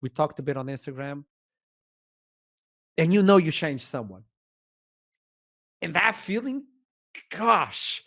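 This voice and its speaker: A man with a Portuguese accent, an esports shoutcaster telling a story as a podcast guest, animated and acting out the dialogue. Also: fairly high pitch, slow pace, long pauses. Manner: animated, acts out dialogue, laughs often.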